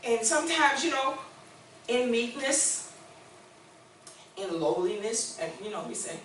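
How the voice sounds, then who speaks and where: A woman in her sixties preaches in a conversational way that rises to emphatic declarations, her voice pitched a touch high. She is caught from some distance in a very echoey church room. A faint hum of ambience sits underneath. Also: big pitch swings, unhurried, fairly bright tone. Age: 60s. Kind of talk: sermon with call-and-response.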